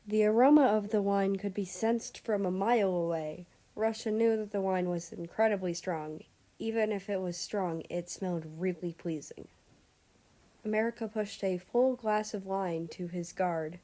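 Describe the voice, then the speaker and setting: A woman reading a fan story aloud in calm, measured narration. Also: medium pitch. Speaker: story reader.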